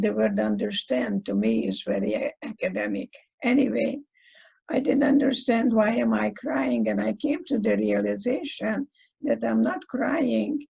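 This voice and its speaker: An older woman in her nineties, a psychologist and guest speaker, telling stories slowly and deliberately, with short sayings and a Hungarian mother tongue. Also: medium pitch, a little mellow, low-quality recording. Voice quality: gravelly, husky voice. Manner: slow, deliberate storytelling with aphorisms. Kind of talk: speaker series talk.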